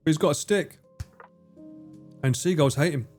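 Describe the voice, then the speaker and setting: A man chats casually through a gaming livestream. He jokes, swears freely and laughs easily, in a slightly high voice. Faint music plays behind him. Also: unhurried, darkish tone. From United Kingdom.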